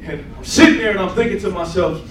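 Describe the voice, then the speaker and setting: High-voiced animated preacher in echoey church. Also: male voice, fast talker. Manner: animated storyteller, acts out scenes, laughs often. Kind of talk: sermon with personal testimony. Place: church sanctuary. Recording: echoey church, mic from a distance, faint room noise.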